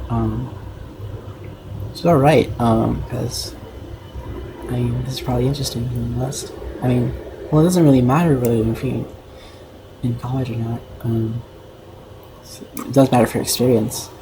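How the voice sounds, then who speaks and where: A man's voice: medium pitch, background noise. Rambling young male streamer. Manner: rambling and self-conscious, heavy filler words. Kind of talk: casual livestream commentary.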